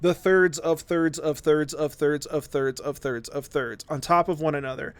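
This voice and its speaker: A man's voice: fairly high pitch, steady tone, normal speed, smooth, no room sound. A male streamer explaining music theory in a rambling, casual way while playing a game, often checking in with "right?". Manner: rambling, repeats words, says "right?" often.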